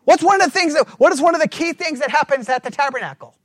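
A man preaching a sermon, asking the congregation questions and swinging between fervent emphasis and hushed asides. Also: very high-pitched, fast, dry recording, studio quality. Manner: animated preaching, rhetorical questions, drops to a hush for asides. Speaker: pastor.

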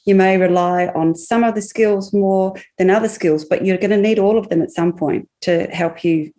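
A woman coaching mental skills as a podcast guest, explaining things in a calm, encouraging way. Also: mid-range voice, moderate pace. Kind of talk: casual podcast chat.

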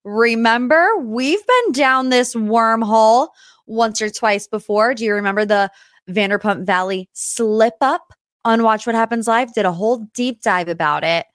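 A woman's voice: on the high side, a little slow, no room sound, studio quality. Chatty woman hosting a pop-culture podcast. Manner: chatty, tangent-prone, animated asides. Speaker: podcast host. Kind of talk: casual solo pop-culture chat.

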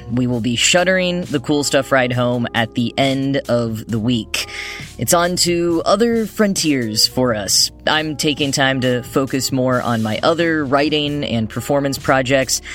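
A man's voice: mid-range voice, animated, measured pace, fairly bright tone, soft background music. A man hosting a podcast, reading news stories and quoted articles in a scripted way with dry, wry asides. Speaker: podcast host.

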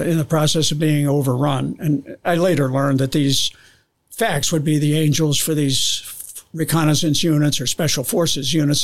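This older man talks in a slightly high voice, narrating his memories with lots of restarts. He slips into the voices of people on the radio as he tells them. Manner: animated storyteller, acts out radio calls, frequent restarts. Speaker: guest, veteran pilot. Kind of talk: casual storytelling interview.

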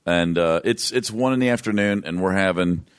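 A man with a low voice tells a tour story in loose conversation. He rambles, restarts his sentences and laughs as he goes. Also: normal speed, clean tone. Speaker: guest musician. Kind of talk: casual storytelling.

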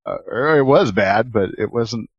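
A man co-hosting a casual podcast, joking and quick to laugh. His voice comes through a dull, slightly muffled recording with a dry sound. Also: lowish voice, expressive, no room sound. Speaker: podcast co-host. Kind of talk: casual chat.

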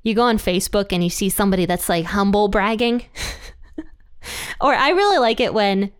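A woman's voice: mid-range voice, moderate pace, smooth. A woman hosting a Bible study, explaining scripture in a chatty way with light laughs between points. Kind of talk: casual Bible teaching.

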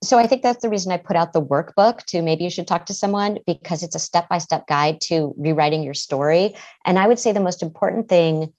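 A woman's voice: on the low side, brisk, a little mellow. A middle-aged woman, a therapist and author, speaking earnestly as a guest in a podcast interview. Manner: earnest, acts out quoted voices.

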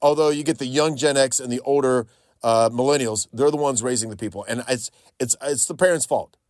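A middle-aged male radio host from North Carolina gives casual, opinionated commentary on a dry, close studio microphone with no room sound. His mid-range voice is a little mellow and fairly quick, and he's conversational, often repeating himself.

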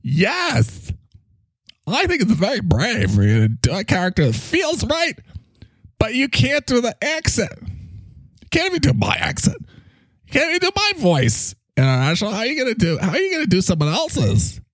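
A man's voice: high-pitched, wildly swooping pitch, moderate pace, fairly bright tone, husky, dry recording, clean studio sound, pitched above the performer's own voice, exaggerated voice. A man voicing Mike, a needy, jealous talking microphone with a whiny, clingy, sarcastic manner.

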